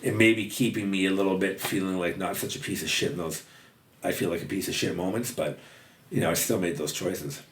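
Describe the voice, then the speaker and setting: A man's voice: sits low, steady tone, a little fast, fairly bright tone, a little hiss or hum. A man telling his story as a podcast guest, blunt and swearing freely, with lots of fillers. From western Canada. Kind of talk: casual storytelling interview.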